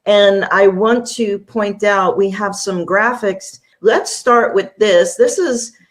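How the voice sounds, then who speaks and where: A woman's voice: medium pitch, slow. Woman hosting an interview show. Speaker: show host. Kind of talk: interview hosting, read introduction.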